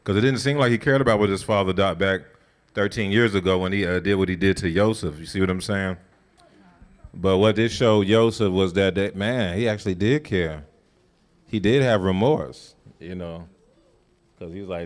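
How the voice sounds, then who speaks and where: Low-voiced man teaching scripture casually. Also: normal speed. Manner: conversational, colloquial, animated storytelling. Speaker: Bible study teacher.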